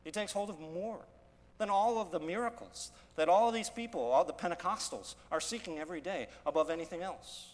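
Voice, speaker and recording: An earnest male pastor preaching an expository sermon, his voice sitting a little high for a man. He swells loud and slow on key words, then falls to quiet asides. A long reverb trails his words through the church hall. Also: expressive.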